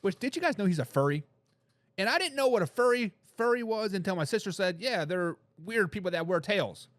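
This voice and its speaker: A man hosting a live sports talk show, giving loud opinions on football and reading out viewer comments. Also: high voice, fairly quick, no echo. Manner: animated, opinionated, reads chat comments aloud.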